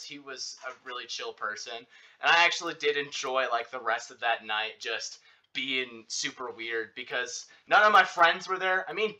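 A young man telling a long personal story in casual chat, rambling with many fillers and restarts. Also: mid-range voice. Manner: rambling, filler-heavy, animated retelling. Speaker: podcast host telling a story.

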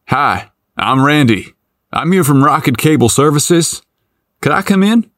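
Guy reading as a laid-back young country cable guy, friendly, lively voice, dry sound. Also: on the high side, a little slow, no room sound, voice pushed up.

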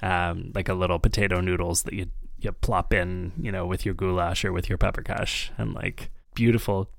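A man's voice: low-pitched, level tone, normal speed, vocal fry, dry recording, clean studio sound. A man in his thirties co-hosting a podcast, talking in a laid-back, rambling way with fillers. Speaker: podcast co-host. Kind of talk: casual chat.

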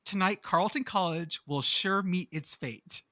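High, bright-voiced man hosting a quiz. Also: measured pace, no room sound, clean studio sound. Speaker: podcast co-host running a quiz. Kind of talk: casual chat, reading fight song lyrics aloud.

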